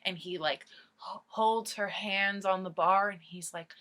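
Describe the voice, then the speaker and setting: A young woman ad-libbing a comic story for her video, rambling along with giggles and fillers. Her voice is bright and clear, and her pace is slow and loose. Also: mid-range voice, steady tone. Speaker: comedy video host.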